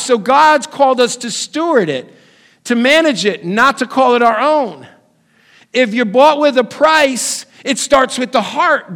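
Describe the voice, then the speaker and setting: A man preaching a sermon, emphatic, with big swings between loud and soft. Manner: emphatic preaching with dramatic swings in pitch and loudness. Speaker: pastor.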